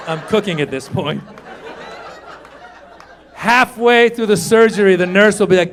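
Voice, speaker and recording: A man performing a stand-up comedy set, energetic, jumping to loud shouted punchlines and acted voices. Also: high voice, moderate pace, pauses often, some chatter behind. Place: comedy stage with a live audience. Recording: live club recording, audience laughter and faint noise.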